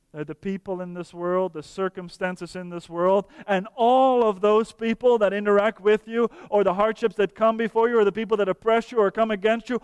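Earnest high-voiced male preacher. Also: clear, resonant tone, no echo, in a large hall. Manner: earnest, slows for emphasis, drops to soft tones. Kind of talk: sermon.

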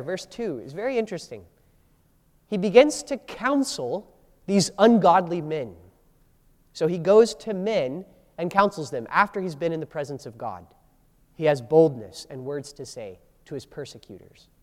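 A man's voice: fairly high pitch, darkish tone. Man preaching in a reverberant hall. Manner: acts out biblical quotes with shifting voices and emphasis. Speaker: pastor. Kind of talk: sermon.

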